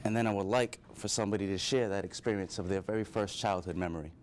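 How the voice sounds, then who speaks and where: A man's voice: fairly low pitch, fast talker, a little hiss or hum. Man telling a personal story to an audience. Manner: earnest, emotional storytelling. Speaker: speaker addressing an audience.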